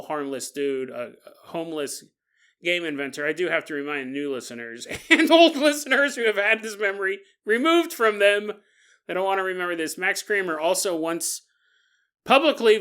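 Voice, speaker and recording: A man's voice: a little high, sharp tone, smooth. A man hosting a podcast in a casual, joking monologue, laughing often and making asides to listeners. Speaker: podcast host.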